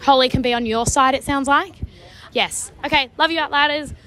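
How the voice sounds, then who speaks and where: A woman's voice: high voice, fairly quick, pushed and bright. A young woman co-hosting a podcast, recording a chatty message in a wry, self-deprecating way. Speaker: podcast co-host.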